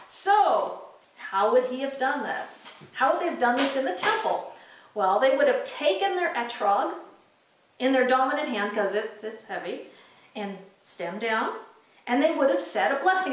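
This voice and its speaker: Chatty woman teaching kids, echoey room. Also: on the high side. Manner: chatty and animated, with fillers and asides. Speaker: children's Bible teacher. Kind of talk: informal teaching video for kids. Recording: echoey room, mic far off.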